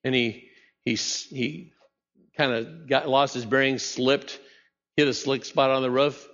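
Male pastor, conversational sermon, rhetorical questions, mid-pitched voice, long church reverb. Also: steady tone, a little slow, fairly bright tone. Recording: muffled sound in a reverberant hall.

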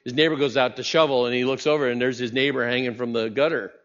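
A man's voice: medium pitch, steady tone, fast, a bit bright. A male pastor delivers a conversational sermon and keeps asking his listeners questions. His voice carries a long reverb from the church around him. The recording sounds slightly muffled. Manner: conversational preaching with rhetorical questions.

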